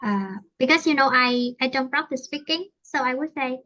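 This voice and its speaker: A woman's voice: sits high, normal speed, sharp tone, dull audio. A woman with a Vietnamese accent teaching an English lesson, switching between Vietnamese and English and explaining with many fillers and restarts.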